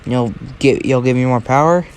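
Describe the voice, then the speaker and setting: Brief: a weary grumbling hero, low and muttered, put on by a man telling the story. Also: normal speed, a little mellow, slight background noise, natural voice. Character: gruff weary adult male hero, grumbling.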